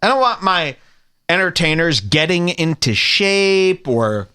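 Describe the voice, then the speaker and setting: A man's voice: sits high, big pitch swings, a little slow, sharp tone, clean tone. A man hosting a comedy podcast, ranting in a sarcastic, profane, mock-outraged way. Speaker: podcast host.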